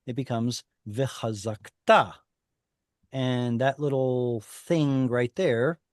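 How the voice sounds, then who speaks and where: A man's voice: mid-range voice, no echo, studio quality. Patient man teaching a class. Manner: patient, explains step by step, asks the class questions. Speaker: Hebrew teacher. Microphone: video call.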